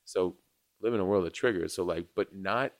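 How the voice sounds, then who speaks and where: Gravelly low-voiced man, dry close sound. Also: moderate pace, dry recording. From New York. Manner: rambling storyteller, acts out quotes, laughs often. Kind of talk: casual chat.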